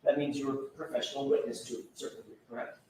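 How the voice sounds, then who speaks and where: A male attorney questioning a witness in court, asking measured, methodical questions. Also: medium pitch, level tone, a little mellow, roomy sound, a little hiss or hum, poor audio. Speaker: trial attorney.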